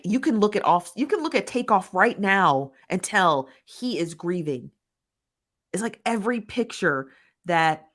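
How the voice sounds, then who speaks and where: A woman's voice: lowish voice, a bit bright. A woman hosting a casual live-stream commentary, laughing often and calling viewers "honey" and "child" as she reads the chat.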